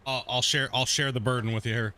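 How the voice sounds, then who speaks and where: Laid-back man streaming, bright voice. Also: mid-range voice, steady tone, fast, clean tone. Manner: laid-back, chatty, says dude a lot, coos at his cat. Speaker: gaming streamer. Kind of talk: casual live-stream chat. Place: home gaming room. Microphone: desk mic at a gaming setup.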